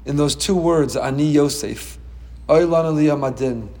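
A middle-aged man teaching a Torah class as a rabbi, dramatic and animated, with quick humorous asides. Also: fairly high pitch, in a large hall.

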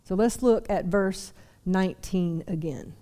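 A woman's voice: mid-range voice, measured pace. Chatty young woman preaching. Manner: warm, chatty, self-deprecating asides. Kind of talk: sermon. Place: church service before a seated audience.

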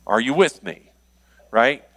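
Bright-voiced man preaching a sermon. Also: medium pitch, slow pace. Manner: storytelling, animated, jokes with congregation. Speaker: pastor.

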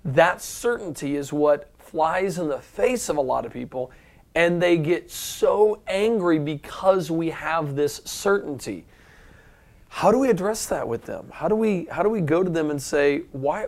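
A man's voice: fairly high pitch, expressive, measured pace, gravelly. A man hosting a casual interview, enthusiastic but hesitant, with many fillers and restarts. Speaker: host.

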